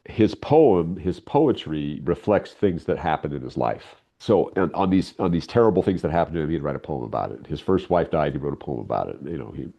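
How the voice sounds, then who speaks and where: Very deep-voiced older man, rambling. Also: lively intonation, brisk, vocal fry, hardly any pauses, warm tone, lo-fi sound. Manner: rambling, explaining with repeated restarts. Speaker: guest, audio drama writer and director. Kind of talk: casual interview talk.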